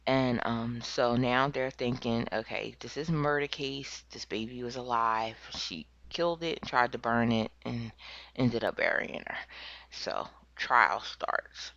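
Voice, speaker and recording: A crochet vlogger at home telling a true crime story as casual chat, full of fillers and self-corrections, acting out quoted speech in a higher voice. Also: a little slow, vocal fry, a bit bright, no echo. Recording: dull, lo-fi, dry recording.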